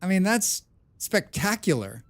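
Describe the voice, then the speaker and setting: A man live-streaming a game, chatting with his viewers in a loud, excitable and passionate way. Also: sits high, measured pace, no echo. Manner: loud and excitable, calls himself a passionate speaker.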